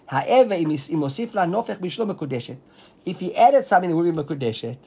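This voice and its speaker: Man, Talmud class, reads and translates aloud, high voice, breathy. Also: big pitch swings, warm tone. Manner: explains quickly, reads the text aloud and translates it, asks students if they follow. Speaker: Talmud teacher.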